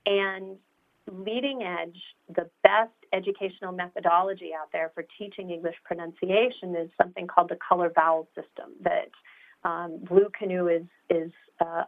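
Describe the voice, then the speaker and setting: A woman's voice: on the low side, fairly even intonation, moderate pace, creaky, narrow, tinny audio. A woman founder answering interview questions, enthusiastic and explanatory, with many fillers. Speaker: startup founder.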